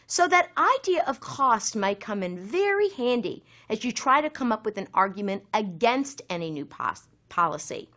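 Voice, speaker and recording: A woman's voice: on the high side, big pitch swings, normal speed, hardly any pauses, sharp tone. A woman teaching essay writing in a recorded lesson, addressing students directly.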